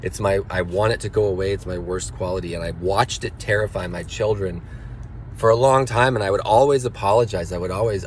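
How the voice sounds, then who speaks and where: A man's voice: on the low side, brisk, slight background noise. A father talking alone in an earnest, confessional way, his voice rising as he gets emotional. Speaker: father sharing a personal reflection. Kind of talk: unscripted personal monologue. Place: car, after school drop-off.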